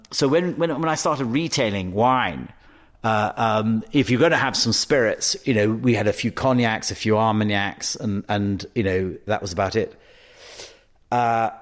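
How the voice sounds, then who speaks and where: A man in his fifties telling a long story in an interview, hesitant, with frequent fillers and restarts. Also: fairly low pitch. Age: 50s. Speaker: distillery CEO, podcast guest.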